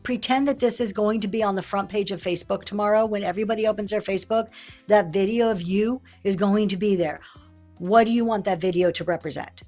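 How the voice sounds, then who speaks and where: A middle-aged woman hosting a casual livestream, chatty and quick to laugh as she reads viewer comments. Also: mid-range voice, a little mellow, soft background music. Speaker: live-sale seller and host. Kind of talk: casual livestream business talk.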